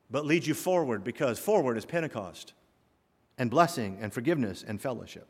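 A male pastor preaching a sermon, swinging from quiet asides to loud, rising exhortation. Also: medium pitch, expressive, fairly quick, slightly rough. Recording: long hall reverb.

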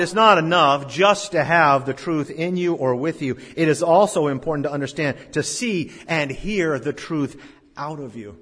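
Dramatic preaching man in a reverberant hall. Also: on the high side. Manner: dramatic swings between loud emphasis and hushed drops. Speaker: pastor. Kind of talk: sermon.

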